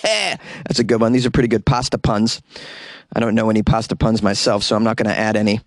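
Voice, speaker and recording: A man's voice: lowish voice, little pitch movement, fast talker, no room sound. A man hosting a podcast, giving comic news commentary with wry, joking asides. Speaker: podcast host. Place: closet.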